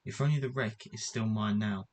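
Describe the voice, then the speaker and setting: A man reading a storybook aloud, voicing a headstrong, excited girl with high, eager exclamations. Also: moderate pace, husky. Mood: earnest.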